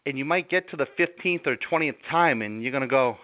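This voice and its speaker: A man gives self-help advice in a relaxed live interview. He is animated and acts out angry outbursts to make his point. The sound is tinny and phone-like, with a dry, close feel. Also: on the high side, quick pace, hardly any pauses, no echo.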